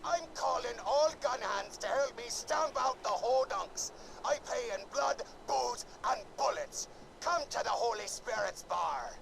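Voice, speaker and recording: A gravelly, hot-headed Irish crime boss for a video game, blustering and cursing about revenge. His voice sits high and swings wildly up and down. Loud game noise rumbles under him. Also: lively intonation, unhurried, exaggerated voice. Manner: blustering, profane, vengeful. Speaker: game character.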